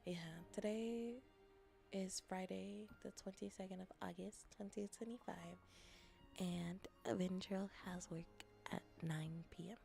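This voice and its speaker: Young woman with gravelly fry, half-whispering. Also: mid-range voice, steady tone, measured pace, soft background music. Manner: often drops into soft whispers; rambling, with restarts and giggles. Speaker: VTuber and ASMR creator. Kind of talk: casual livestream chat.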